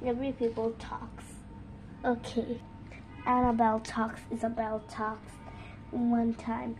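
A woman's voice: a little high, flat delivery, slow, darkish tone, faint music behind. A woman narrating a pretend-school play session, switching between a teacher and her pupils. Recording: noisy home recording.

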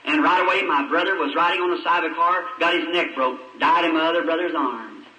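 High, bright-voiced preacher, echoey recording. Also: male voice, quick pace. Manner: dramatic storytelling preaching. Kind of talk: sermon. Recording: echoey old radio-style recording from a distance.

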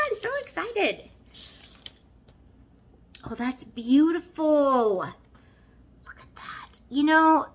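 A woman's voice: fairly high pitch, fairly bright tone. A woman vlogger chatting casually while unboxing, gushing and exclaiming over everything. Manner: gushing, effusive, exclaims often.

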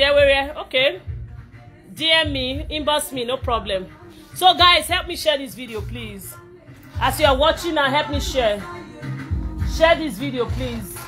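A young Nigerian woman chatting excitedly to fans on a live video, slipping between English and Pidgin and bursting into shouts and laughter. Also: high voice. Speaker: social media personality.

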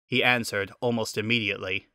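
Bright-voiced man narrating a story. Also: lowish voice, fairly even intonation, a little fast, clean tone, dry recording, studio quality. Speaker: reader of fan fiction.

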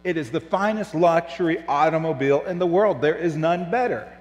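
A pastor doing a pompous luxury-car owner. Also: male voice, on the high side, a little fast, in a large hall, muffled recording, voice pushed up, lightly acted. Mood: haughty. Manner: stiff and pompous. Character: proud rich man driving a luxury car.

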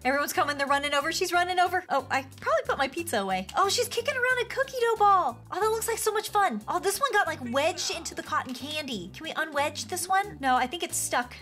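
A young woman hosting a gaming and craft channel, gushing with excitement and gasping as she talks to her viewers. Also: very high-pitched, quick pace, hardly any pauses. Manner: excited, gushing, squeals and gasps. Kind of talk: bubbly game commentary and craft tutorial.

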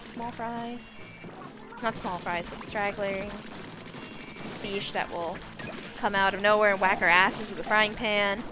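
A woman streaming a game live, chatting casually and reacting excitably to the action. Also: medium pitch, measured pace, over music. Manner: animated, excitable, squeals and laughs at the game.

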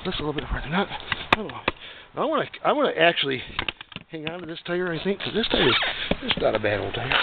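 Folksy DIY guy, mid-pitched, rambling how-to chatter; tinny phone-like sound, mic far off. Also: very animated, quick pace, vocal fry, heavy background noise. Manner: folksy, rambling, joking asides. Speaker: DIY motorcycle repair vlogger. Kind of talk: casual how-to demonstration.

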